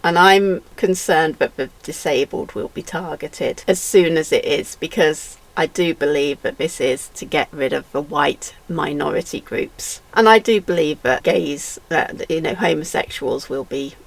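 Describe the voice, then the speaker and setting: A woman's voice: deep voice, a little slow, vocal fry, few pauses. A woman talking in a rambling, opinionated casual monologue, often laughing mid-sentence and repeating her points. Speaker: vlogger.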